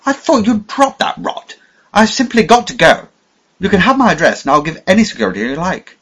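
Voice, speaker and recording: A man's voice: high-pitched, big pitch swings, brisk, fairly bright tone, slightly rough, voice pushed up, exaggerated voice. A man reading the part of an impatient young man, an enemy agent, in an audiobook.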